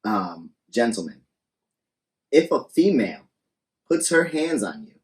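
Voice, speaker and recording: A man's voice: medium pitch, big pitch swings, measured pace, a little mellow. Blunt, profane man hosting a podcast. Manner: blunt and profane, acts out hypothetical arguments. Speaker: podcast co-host. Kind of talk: casual podcast chat. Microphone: studio podcast mic.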